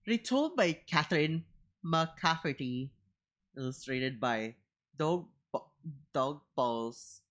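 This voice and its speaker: A young woman streamer reading a storybook aloud, breaking off for profane, excitable commentary. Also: low voice, slow. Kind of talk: casual storybook reading on a livestream.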